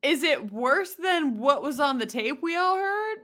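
Woman co-host, lively high voice, jokey listener reactions. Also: a little slow. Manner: playful, jokey interjections. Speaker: podcast co-host. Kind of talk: casual chat.

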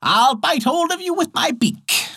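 A man's voice: very high voice, expressive, a little slow, gravelly, sharp tone, dry recording, clean studio sound, pitched above the performer's own voice, heavily acted. Man doing a sly cruel crane. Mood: coaxing. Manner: coaxing, then mocking. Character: scheming cruel crane, sly then pleading.

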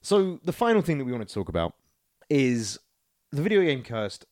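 A man co-hosting a casual podcast, animated, laughing often and restarting his sentences. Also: medium pitch, moderate pace, no room sound, clean studio sound. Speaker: podcast co-host. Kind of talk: casual chat.

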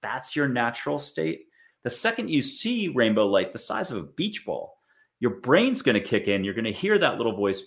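A man's voice: mid-range voice, big pitch swings, normal speed, gravelly, fairly bright tone. A man from the United States giving a casual spiritual talk to an audience, chatty and acting out little quoted voices. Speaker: spiritual speaker.

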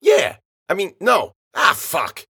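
A man's voice: sits high, huge pitch swings, takes it slowly, sharp tone, husky, voice pushed up, exaggerated voice. A man voicing a brash, crude, wisecracking tough guy who curses a lot. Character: brash, foul-mouthed tough guy, male, century-old.

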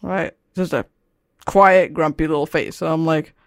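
A woman's voice: low-pitched, fairly even intonation, moderate pace, dry recording, studio quality. A middle-aged woman, an author and parent, talking casually in an interview with a rambling manner that keeps checking in with "you know" and "right?".

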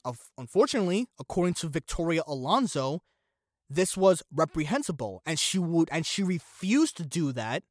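A man's voice: on the high side, very animated, moderate pace, no echo, clean studio sound. A man hosting a solo commentary podcast, opinionated and sarcastic, firing off one rhetorical question after another. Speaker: podcast host.

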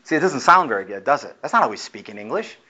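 A man preaching a sermon as pastor, moving from quiet explanation to loud, urgent exhortation. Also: medium pitch, sing-song, fast talker, slightly rough, lo-fi sound. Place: church.

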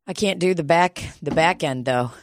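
A woman's voice: deep voice, moderate pace, no echo, studio quality. A woman, co-hosting a casual chat and telling a story with lots of swearing and laughter. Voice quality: profane, laughs often.

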